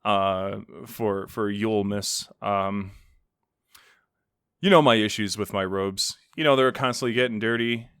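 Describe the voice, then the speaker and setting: A man's voice: on the low side, measured pace, a bit bright, clean tone, no room sound, studio quality. A man co-hosting a podcast, chatting playfully in character with a rambling, restarting delivery. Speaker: podcast co-host. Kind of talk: in-character casual chat.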